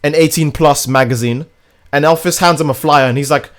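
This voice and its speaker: A man's voice: fairly high pitch, brisk, fairly bright tone. A young man streaming a game, chatting casually in a rambling, crude, joking way. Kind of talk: casual livestream chat while gaming.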